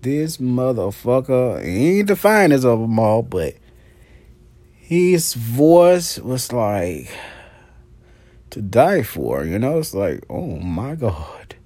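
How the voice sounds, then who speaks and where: A man's voice: mid-range voice, sing-song, slow, mellow, dry recording. A man hosting his own podcast in a brash, profane, gossipy monologue, laughing often. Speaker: podcast host. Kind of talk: casual monologue.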